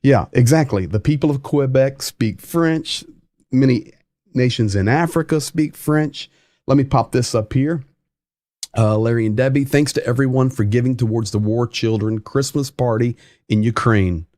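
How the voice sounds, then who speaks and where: A man's voice: medium pitch, moderate pace, a little mellow, no room sound, clean studio sound. A man hosting a casual livestream, chatting and reading viewer comments aloud with emphasis. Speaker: livestream host.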